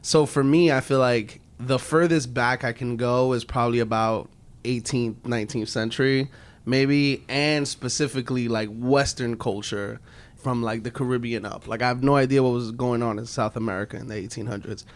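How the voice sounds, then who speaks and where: A man's voice: medium pitch, steady tone, normal speed. A young man moderating a casual podcast chat in a laid-back, chatty way, with lots of filler words.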